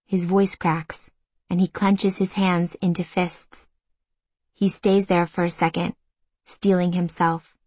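A woman narrating a first-person audiobook in an intimate, emotional, measured way. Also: fairly low pitch, little pitch movement, darkish tone, dry recording.

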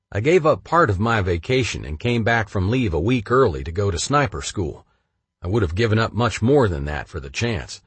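Male memoir narrator, blunt and cursing, lively pitch, dry close studio sound. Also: slightly rough, dry recording. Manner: blunt and profane, swinging between flat and heated. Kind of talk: first-person audiobook memoir reading.

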